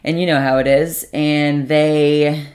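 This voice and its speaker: Low-voiced young woman chatting casually. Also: level tone, slow, a little mellow. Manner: rambling, swears often, self-correcting. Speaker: podcast host. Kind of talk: casual solo podcast chat. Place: sitting at a table at home.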